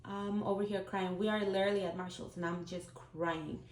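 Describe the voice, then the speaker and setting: A woman's voice: mid-range voice, fairly even intonation, brisk. A woman in her thirties, a vlogger, telling a personal story in a candid, heartfelt, conversational way. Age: 30s. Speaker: vlogger, single mom. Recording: roomy echo.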